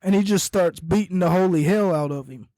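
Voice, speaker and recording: A man's voice: high-pitched, moderate pace, mellow, no echo. Rambling man recapping wrestling, dry close mic. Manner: rambling, self-correcting, coughs between points. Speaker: podcast host.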